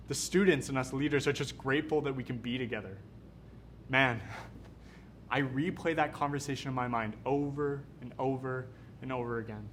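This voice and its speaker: A young man from Canada, a youth pastor giving an energetic, conversational sermon. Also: mid-range voice, fairly quick, a little hiss or hum. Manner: energetic, casual, conversational preaching.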